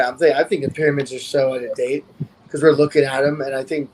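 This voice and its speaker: A man's voice: mid-range voice, little pitch movement, fast talker, darkish tone. A man hosting a casual live stream, rambling through stories from his own life and acting out what people said. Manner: rambling storyteller who acts out quotes. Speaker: host. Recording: noisy home stream audio.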